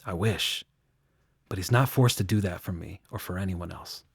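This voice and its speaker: A man's voice: low voice, moderate pace, creaky, husky. A man working as a victim advocate, recounting a case in an earnest, conversational interview manner. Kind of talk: recorded interview clip.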